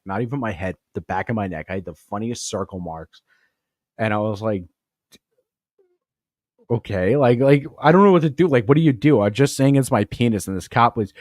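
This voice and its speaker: A man's voice: fairly low pitch, darkish tone, no room sound, clean studio sound. A man hosting a comedy podcast, telling a crude story in a profane, rambling way and laughing at his own jokes. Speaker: podcast host.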